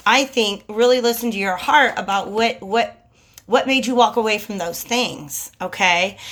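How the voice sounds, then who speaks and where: A woman giving a casual tarot reading in a chatty, slangy, animated way. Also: mid-range voice, slight background noise. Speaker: tarot reader.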